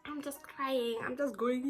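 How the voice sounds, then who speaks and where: A young woman with a South African accent telling a storytime vlog in an animated, chatty way, full of "like" fillers. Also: medium pitch, a little slow, highs cut off, faint music behind. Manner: animated, chatty, heavy use of "like". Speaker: vlogger.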